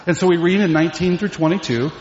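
A man delivers an emphatic sermon in a fairly high voice, often posing questions to his listeners. His words ring out through a large hall with a long echo. The recording is dull and slightly lo-fi. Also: quick pace, a little mellow, a little hiss or hum. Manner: emphatic, asks rhetorical questions. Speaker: pastor. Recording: echoey hall, dull lo-fi sound.

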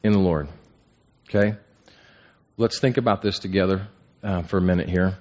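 A man's voice: deep voice, fairly even intonation, normal speed, darkish tone. A man teaching an interactive Bible class, asking the group questions and restarting his phrases with repeated words. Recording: dull lo-fi recording.

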